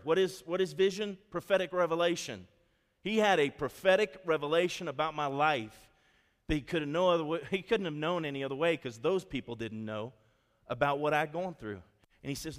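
Animated preaching man in a reverberant hall. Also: on the high side. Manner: animated storytelling, acts out quotes. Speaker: pastor. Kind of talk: sermon.

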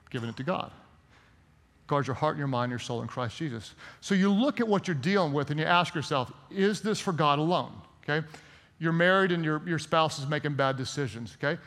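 Emphatic high-voiced male pastor preaching. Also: brisk, a bit bright, big-room sound. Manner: emphatic, call-and-response with congregation. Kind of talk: sermon.

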